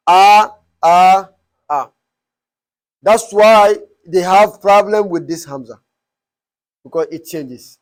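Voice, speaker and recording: Teacher, male, fairly high voice, quizzes the room as he explains. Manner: quizzing the class with repeated questions. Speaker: Arabic teacher. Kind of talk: classroom teaching.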